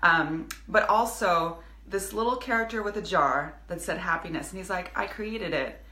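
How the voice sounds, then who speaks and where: In a roomy-sounding recording, a business coach in her thirties speaks at normal speed with a lowish, sharp-toned voice. She addresses her live video viewers earnestly in a casual, motivational way and keeps restarting her sentences.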